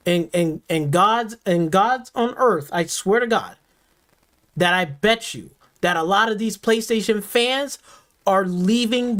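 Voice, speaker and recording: A man's voice: sits high, a bit bright. A man hosting a gaming stream, delivering an angry, profanity-heavy reaction rant full of repetition. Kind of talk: ranting reaction commentary.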